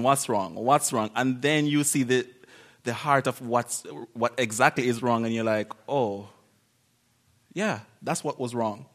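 A man giving an informal sermon in a conversational, animated way, acting out little quoted exchanges and laughing often. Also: a little high. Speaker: preacher.

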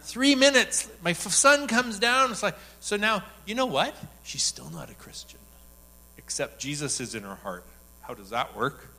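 Middle-aged male preacher, bright, slightly high voice, animated storyteller. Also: normal speed, vocal fry. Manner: animated anecdotal retelling with frequent laughs. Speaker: church speaker. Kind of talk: sermon storytelling.

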